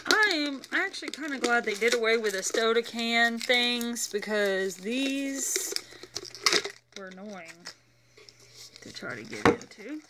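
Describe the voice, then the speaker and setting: Slow-talking woman unboxing toys. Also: fairly high pitch, lively intonation, heavy background noise. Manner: rambling, chatty, thinks aloud. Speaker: toy reviewer. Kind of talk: casual unboxing chat.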